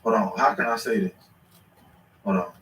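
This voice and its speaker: A man in his thirties telling stories in casual chat, animated and swearing freely. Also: on the low side, normal speed, distant mic, slight background noise. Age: 30s. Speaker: podcast host. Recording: echoey room, away from the mic.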